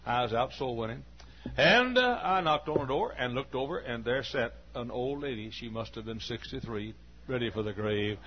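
A man's voice: mid-range voice, animated, moderate pace. A man in his forties, a pastor telling a folksy story in a sermon, chatty and full of "uh" fillers. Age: 40s. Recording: dull lo-fi recording with faint hum.

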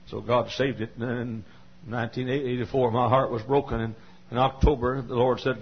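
A man's voice: mid-range voice, little pitch movement, a little fast. Man, older, pastor, sermon testimony, folksy, repetitive, faint hiss, lo-fi sermon tape. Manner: folksy and repetitive, builds to shouting climaxes.

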